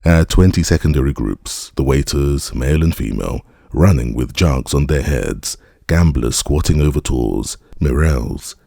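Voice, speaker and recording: A man reading a classic novel aloud as an audiobook narrator, in a measured, unhurried way. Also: very deep voice, gravelly, dark tone, breathy edge, no echo, studio quality.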